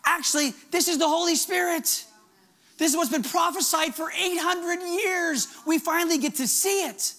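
A man's voice: extremely high pitch, moderate pace, sharp tone, voice pushed up, exaggerated voice. A man playing a bold apostle preaching. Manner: declaring boldly.

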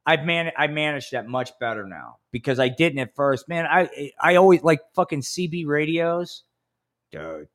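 A man's voice: a little high, very animated, moderate pace, a bit bright. Profane rambling storyteller man. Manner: profane, rambling, acts out quotes in a raised voice. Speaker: podcast co-host. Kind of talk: casual storytelling.

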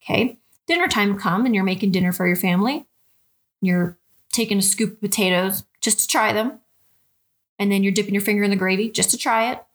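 A woman coach speaks on a podcast in a frank, direct way, firing off rhetorical questions and addressing her listeners as "guys". Her delivery is chatty, with quick restarts, and her voice sits at an ordinary pitch for a woman. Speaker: nutrition coach. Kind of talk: podcast monologue.

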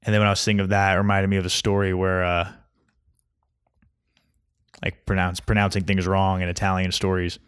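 A man's voice: low voice, completely flat delivery, brisk, pauses often, a bit bright, clear, resonant tone. A young man ranting in a casual comedic monologue, grumpy and mocking. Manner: grumpy, ranting, mocks mispronunciations.

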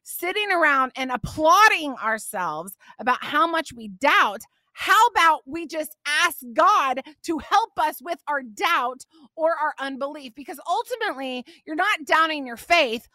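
Emphatic bright-voiced woman podcast host. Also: high-pitched, animated, measured pace, no echo, studio quality. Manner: emphatic and passionate, getting on a soapbox. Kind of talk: faith podcast Q&A, preaching and reading scripture.

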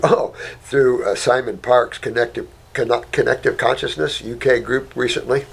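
A man's voice: mid-range voice, normal speed, vocal fry, slight background noise. A man hosting a casual health talk, answering viewer questions in a folksy, rambling way and calling listeners honey.

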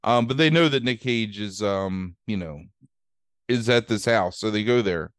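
A man's voice: fairly low pitch, moderate pace, clean tone, no echo, clean studio sound. A man hosting a podcast, casually recapping a movie plot with lots of fillers and easy swearing. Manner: rambling, fillers, swears freely. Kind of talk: casual chat.

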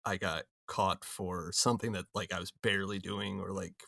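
Gravelly-voiced male podcast co-host. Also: low-pitched, fairly even intonation, normal speed, fairly bright tone, no echo. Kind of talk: casual podcast chat.

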